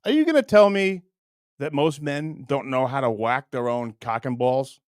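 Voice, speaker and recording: A man's voice: medium pitch, expressive, moderate pace, dry recording. Middle aged guy rambling on his stream, crude jokes, voice jumps all over, dry close sound. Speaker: livestream host. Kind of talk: casual livestream chat.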